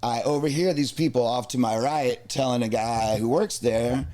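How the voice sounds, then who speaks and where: A man in his forties from the American South, a guest musician telling stories in a casual interview and jumping his pitch when he acts out quotes. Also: moderate pace. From Southern United States. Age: 40s. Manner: animated storyteller who voices quotes with big pitch jumps.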